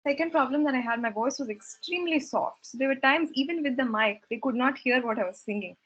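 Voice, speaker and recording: At a satsang, a young woman gives a personal testimony, earnest and reflective, restarting hesitantly as she shares her story. She talks fast in a high, fairly bright voice with a breathy edge, and the audio sounds dull.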